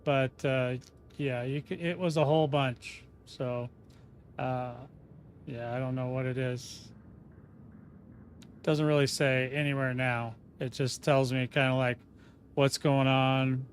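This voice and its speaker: A man's voice: mid-range voice, fairly even intonation, slow pace, pauses often, slight background noise. A man chatting casually on a game livestream, rambling and often breaking off mid-sentence. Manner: rambling, self-interrupting, chatty. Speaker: game streamer.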